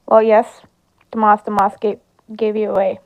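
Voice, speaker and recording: Gravelly woman reading game dialogue. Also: medium pitch, little pitch movement, normal speed. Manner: reads all characters in her own voice. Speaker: gameplay streamer. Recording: slightly dull lo-fi sound.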